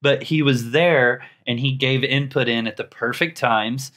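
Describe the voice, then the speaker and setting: A man hosting a relaxed podcast chat, eager and quick to laugh. He stammers a little as he talks, in an ordinary mid-range voice. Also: medium pitch. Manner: enthusiastic, laughs often, stammers. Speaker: podcast host.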